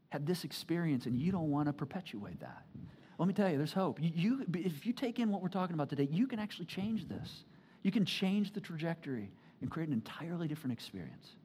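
A preacher giving a sermon in a conversational, animated way, with frequent asides that check in with the listeners. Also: a little hiss or hum. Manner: swings between low asides and loud excited bursts.

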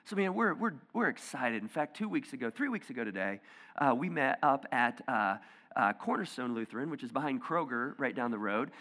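A male pastor giving a conversational sermon, dropping to hushed near-whispers and rising to loud emphatic bursts. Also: mid-range voice, very animated, brisk, in a large hall. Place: church auditorium.

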